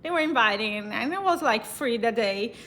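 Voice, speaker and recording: A woman's voice: a little high, expressive, normal speed, fairly bright tone. A woman from Brazil with a Brazilian accent, casually telling a personal story in English, chatty and laughing often between fillers and restarts.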